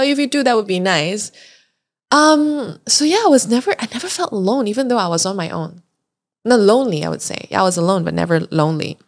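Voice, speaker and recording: A woman's voice: fairly low pitch, vocal fry. A young adult woman hosting a podcast, casually and animatedly telling a travel story with frequent laughs and fillers. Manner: chatty and animated, many "like"s and laughs. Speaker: podcast host.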